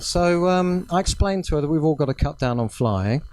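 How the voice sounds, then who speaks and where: Well-spoken comic, lively delivery. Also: male voice, a little high, a little fast, no echo. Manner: self-deprecating, hesitant with ums. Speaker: stand-up comedian. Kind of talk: stand-up set. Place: small cafe venue, indoors.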